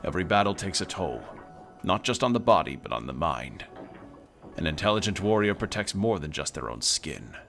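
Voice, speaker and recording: A man's voice: deep voice, big pitch swings, normal speed, gravelly, fairly bright tone, faint music behind, full character voice. A man reading aloud the solemn warnings of an ancient voice beneath the desert in a game.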